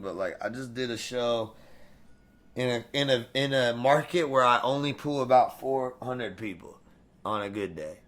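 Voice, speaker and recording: Hyped, swearing young man, bright voice. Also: mid-range voice, normal speed. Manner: profane, hyped, talks with slang and swearing. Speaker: musician guest. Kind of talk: casual interview chat.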